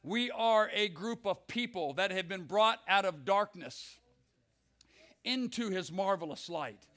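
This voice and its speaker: An older man preaching a passionate sermon in a church, swinging from hushed lines to shouts. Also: high-pitched, animated, a little slow. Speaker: pastor. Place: church sanctuary.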